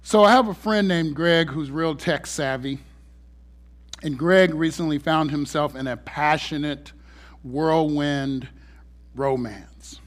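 A man's voice: on the high side, slow. A male pastor delivering a sermon in a conversational, humorous storytelling manner.

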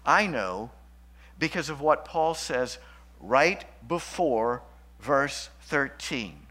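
Bright-voiced man preaching with dramatic swings. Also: animated, slow pace. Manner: dramatic, swings between loud emphasis and hushed low passages. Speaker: pastor. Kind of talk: sermon.

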